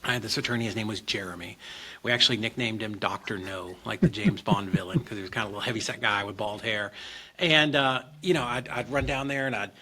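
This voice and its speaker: A middle-aged man, a real estate investor guest on a podcast, telling stories in an animated, expressive way and acting out quotes. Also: fairly low pitch, fast talker, a crowd in the background. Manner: animated, expressive storyteller who acts out quotes. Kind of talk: casual podcast storytelling.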